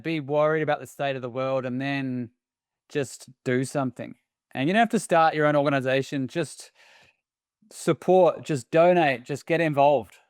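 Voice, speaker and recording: A man's voice: mid-range voice, clean tone, dry recording, clean studio sound. An Australian man in his forties, a podcast guest talking earnestly and emphatically, pressing his points with repeated short phrases. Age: 40s. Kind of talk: casual podcast conversation.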